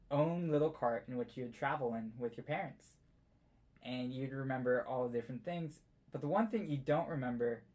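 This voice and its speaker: Here a man guides a tabletop game as its game master, relaxed in his storytelling and often chuckling, in a medium-pitched voice.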